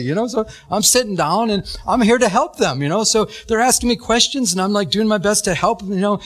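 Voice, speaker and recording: A man delivers a sermon built around a personal story, voicing the people in it as he goes. His voice sits high for a man, and he talks in a lively, expressive way with frequent laughter. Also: fast, hardly any pauses. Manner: animated storytelling, acts out quotes, laughs often. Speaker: preacher.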